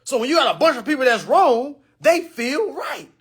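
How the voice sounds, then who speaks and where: A man ranting to camera in an animated, joking way, loud and slangy, calling out to his viewers. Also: extremely high pitch, normal speed.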